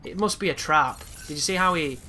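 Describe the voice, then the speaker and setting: A man's voice: on the high side, fairly quick, slight background noise. A man chatting through a game, reacting live and swearing at times. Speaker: gaming commentator. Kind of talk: casual gameplay commentary. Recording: loud game music behind.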